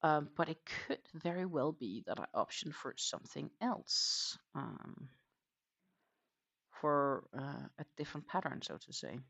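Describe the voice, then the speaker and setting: A crochet livestream host chatting casually while working, rambling with lots of hesitations and quietly counting stitches. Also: medium pitch, animated, a little slow, gravelly. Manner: rambling and hesitant, many fillers, counts stitches under breath.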